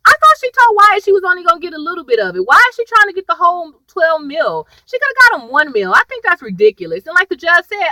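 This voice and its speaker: Lively, bright-voiced woman rambling through a recap. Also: extremely high pitch, fast talker, hardly any pauses, dry recording, low-quality recording. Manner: chatty, rambling, goes off on tangents; addresses viewers as "y'all". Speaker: TV episode reviewer. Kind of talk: casual episode recap.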